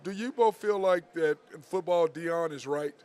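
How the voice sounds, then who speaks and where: A man's voice: on the high side, normal speed, a little mellow, clean tone. A man hosting a casual sports talk show, who asks questions and cuts in on his co-host.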